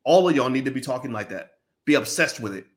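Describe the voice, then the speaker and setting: A man's voice: mid-range voice, expressive, fast talker. A man giving an impassioned monologue, preachy and emphatic, who repeats himself and talks straight to his listeners in casual slang. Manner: uses casual speech with slang. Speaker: commentator.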